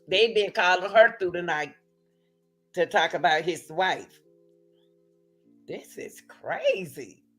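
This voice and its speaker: A woman's voice: fairly low pitch, fairly bright tone. A woman hosting a casual commentary show, talking to her viewers in an emphatic, chatty way. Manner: slow, emphatic, laughing asides, talks to viewers. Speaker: commentary channel host.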